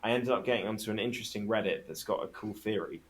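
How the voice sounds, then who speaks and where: A man's voice: lowish voice, quick pace. A man guest on a casual podcast chat, telling stories with enthusiasm and swearing freely.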